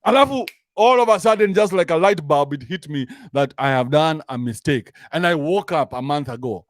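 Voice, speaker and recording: Switching between English and slang, a man with a Kenyan accent hosts a commentary show full of crude, mocking comic ranting. He speaks on the high side, expressively and at a moderate pace, in an echo-free studio-quality recording.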